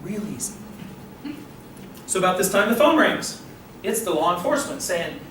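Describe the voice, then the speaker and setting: An older man giving a motivational talk, telling a story with animated acted-out voices. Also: high-pitched, normal speed, pauses often. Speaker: motivational speaker. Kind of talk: storytelling speech. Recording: roomy, distant mic with faint noise.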